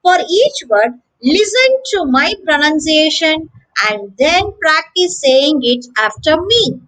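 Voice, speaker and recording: A woman with a high voice teaches English pronunciation to children. She speaks slowly and carefully, repeating each word as a drill, and her pitch moves a lot between words. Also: sing-song, fairly bright tone, low-quality recording. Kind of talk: slow, deliberate pronunciation lesson for children.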